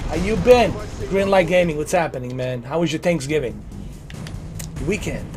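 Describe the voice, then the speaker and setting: Music plays behind a man in his forties whose voice sits a little high and moves at a normal speed. Chatting on his gaming livestream, he wanders from point to point, says things more than once, and offers sincere views.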